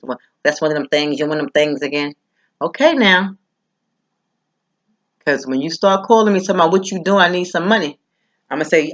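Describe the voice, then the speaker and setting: A woman talking casually to camera in a vlog, chatty and quick, acting out what others said to her. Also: low-pitched, a bit bright, lo-fi sound. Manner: chatty, fast, acts out quoted voices. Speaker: vlogger promoting a business.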